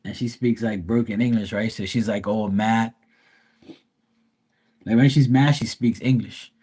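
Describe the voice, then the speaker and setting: A man's voice: fairly low pitch, steady tone, measured pace, warm tone, slightly rough. A man chatting casually on a live tarot stream, telling rambling stories in a blunt, profane way. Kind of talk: casual livestream chat.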